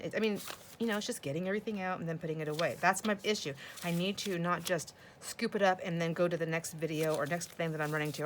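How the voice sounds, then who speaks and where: A woman's voice: on the low side, noisy background. An older woman chatting casually while sorting craft supplies in her home craft room, rambling and laughing often. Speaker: craft vlogger.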